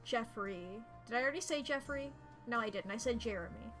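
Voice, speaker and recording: Woman streamer, casual self-deprecating commentary, somewhat high voice. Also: expressive, brisk, a bit bright, soft background music. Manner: rambling, self-deprecating, giggly asides. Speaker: streamer playing a story game. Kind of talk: casual game commentary, reading dialogue aloud.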